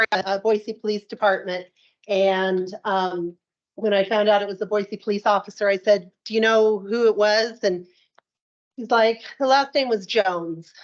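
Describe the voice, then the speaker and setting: A woman leads a meeting and tells a story in a relaxed, conversational way, pausing often on fillers. Her pitch sits in the middle. The sound is muffled and lo-fi. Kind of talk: casual talk at a meeting. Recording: dull lo-fi room recording.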